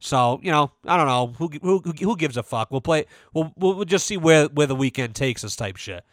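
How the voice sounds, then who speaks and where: A man's voice: a little high, lively intonation, a little fast, dry recording. A man hosting a podcast, telling a story in a casual, profane, rambling way that often restarts. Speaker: podcast host. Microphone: studio mic.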